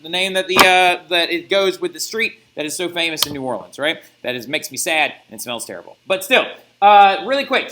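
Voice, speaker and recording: A young man gives a recorded history lesson. His voice sits high and sounds bright and lively. He talks in a chatty, animated way and keeps dropping jokey asides. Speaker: teacher. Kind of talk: recorded classroom lecture.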